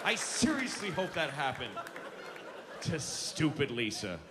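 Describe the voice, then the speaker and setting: A man's voice: fairly high pitch, sing-song, measured pace, over a noisy crowd, heavy background noise. A male stand-up comedian delivering a profane, sarcastic rant that builds into mock outrage, recorded live at a show. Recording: live club with audience laughter. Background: audience laughing.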